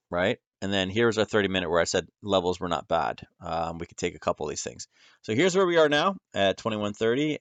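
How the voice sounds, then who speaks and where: Casual low-voiced man walking through charts. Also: a bit bright, clean tone, no room sound. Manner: rambling, conversational, many fillers and self-corrections. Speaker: trading educator hosting a chart review. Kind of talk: casual screen-share lesson.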